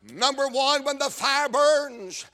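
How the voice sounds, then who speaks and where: A man preaching a sermon, shouting and chanting his lines in a sing-song cadence. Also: very high voice, takes it slowly.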